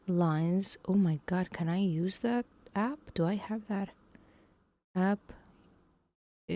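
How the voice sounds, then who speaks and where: A woman's voice: lowish voice, warm tone, dry recording. A woman live-streaming herself working through math lessons, musing aloud in a hesitant way and sometimes dropping to a whisper.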